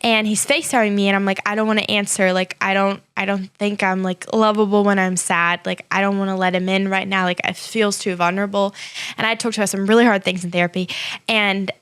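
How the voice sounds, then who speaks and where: A woman's voice: medium pitch, flat delivery, brisk, a bit bright, clear, resonant tone. A young adult woman co-hosting a podcast, telling a heartfelt story in casual chat, full of "like" fillers. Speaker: podcast co-host.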